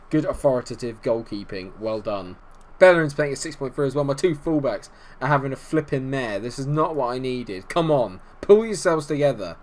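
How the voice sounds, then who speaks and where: A young man narrating a football management game, his talk dropping to a low mutter one moment and jumping to loud, high shouts the next. He keeps a running, excitable commentary aimed at his players, with an ordinary mid-pitched voice. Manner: swings from muttering to shouting at the match. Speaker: gaming YouTuber.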